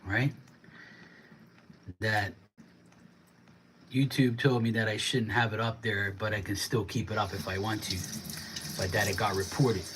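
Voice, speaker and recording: Blunt low-voiced man ranting while cooking. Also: background noise. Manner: blunt, ranting, swears freely. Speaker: livestreamer. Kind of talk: casual livestream chat while cooking. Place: home kitchen.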